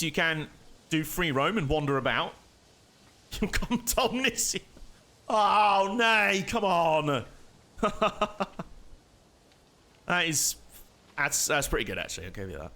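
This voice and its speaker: A man talks through a game on a live stream in a loose, chatty way, muttering to himself and laughing between remarks. His voice is bright and forceful, with a lively, bouncing pitch that sits a little high. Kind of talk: live gameplay commentary.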